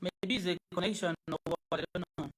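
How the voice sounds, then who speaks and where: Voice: medium pitch, steady tone, a little fast, noisy background. A live streamer, talking casually into an ordinary phone and asking the same puzzled questions over and over.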